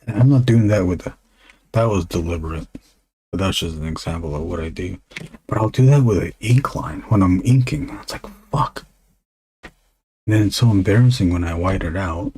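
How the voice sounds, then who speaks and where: A man streaming live while drawing comics, talking low and half-whispered into a desk microphone, musing with pauses. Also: dark tone, slightly rough.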